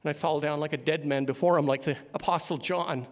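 A man preaching a sermon, building to loud emphatic climaxes. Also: on the high side, fairly even intonation, fairly quick. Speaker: pastor. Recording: long hall reverb.

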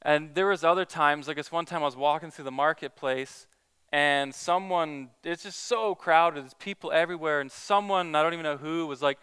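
A man's voice: a little high, a little fast, pushed and bright, smooth. A man who is a Christian evangelist, earnestly telling a story in a casual talk, with many restarts.

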